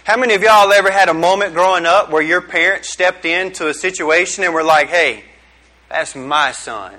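Bright, joking preacher man. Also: high-pitched, steady tone, fairly quick. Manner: joking, chatty, quizzes the audience. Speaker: youth pastor. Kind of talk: casual youth sermon. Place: small room with a group.

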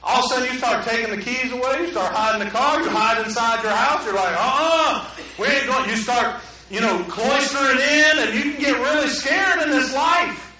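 A middle-aged man preaches a sermon, dropping to near-hushed stretches and then rising sharply. His voice sits high and bright. It is picked up from a distance in a reverberant room. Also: fairly quick, a little hiss or hum. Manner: preaching with big swings from quiet to loud. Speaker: pastor. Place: room with an audience.

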